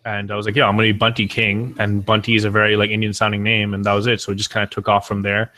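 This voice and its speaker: A man's voice: lowish voice, completely flat delivery, rapid-fire, pushed and bright. A man, a streamer and podcast guest, telling stories in casual chat, rambling and swearing with many restarts.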